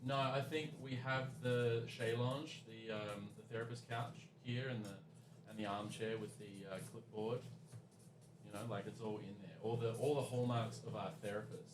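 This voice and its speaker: A man's voice: on the low side, fairly even intonation, moderate pace, background noise. A man co-hosting a cartoonists' podcast, chatting casually and rambling through his points. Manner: rambling, acts out quoted voices. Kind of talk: casual chat.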